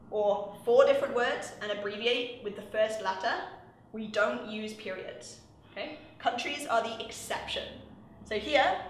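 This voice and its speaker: A woman teaching English grammar to learners, explaining clearly and patiently and often checking that they follow. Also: fairly high pitch. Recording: very echoey room with faint background hiss.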